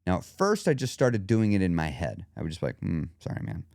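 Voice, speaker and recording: A man hosting a weight loss podcast, coaching the listener directly in a lively monologue. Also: low voice, fast, dry recording, clean studio sound. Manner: animated, coaching, talks straight to the listener.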